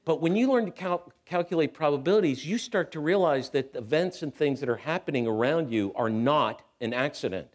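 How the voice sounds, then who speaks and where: With a slightly high voice, a middle-aged man gives a guest talk at a spiritual center, telling a personal story into a handheld microphone in a church hall. He's animated and self-mocking, and he acts out the voices of people in the story.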